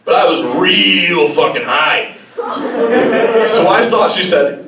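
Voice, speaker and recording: Young guy doing standup, voice jumps all over, kinda highish, echoey hall, crowd laughing. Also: takes it slowly, pauses often. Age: young adult. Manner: deadpan storytelling with sudden high-pitched character voices. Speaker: student stand-up comedian. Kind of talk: stand-up comedy set. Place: campus hall before a live audience. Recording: roomy live hall, distant mic, audience laughter. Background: audience laughing.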